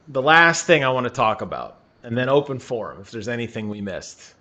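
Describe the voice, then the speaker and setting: A man co-hosting a gaming podcast in casual chat, teasing and animated, laughing often. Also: mid-range voice. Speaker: podcast co-host.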